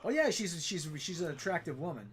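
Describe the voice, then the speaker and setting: Mid-pitched co-host with dry jokes. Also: very animated, brisk, a little hiss or hum. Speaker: co-host of a show recap stream. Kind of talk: casual chat.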